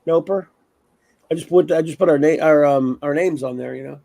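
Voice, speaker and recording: There's no room sound around this man's fairly high, gravelly, warm voice, and he speaks fairly quickly. He hosts a casual livestream, chatting and rambling as he reads viewers' names aloud.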